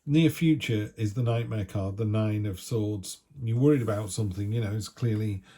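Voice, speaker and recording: A man's voice: fairly low pitch, normal speed, mellow. A man giving a casual, chatty tarot reading with jokey asides, from the United Kingdom. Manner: chatty, jokey, acts out little voices. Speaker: tarot reader.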